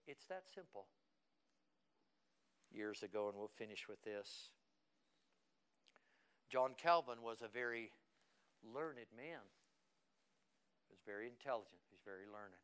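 A man preaching a sermon in a church service. He tells the story with dramatic repetition and builds up to shouting. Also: mid-range voice, expressive, measured pace, long pauses. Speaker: pastor.

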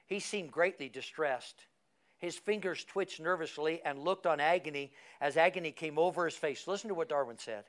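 A man preaching from the pulpit, his voice pitched high and ringing clear. He tells a story at an even reading pace, then swells into emphatic, fervent calls. His tone stays resonant and crisp throughout, with a high register for a man. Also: normal speed. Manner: emphatic, builds to fervent loud climaxes. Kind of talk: sermon with a read-aloud story.

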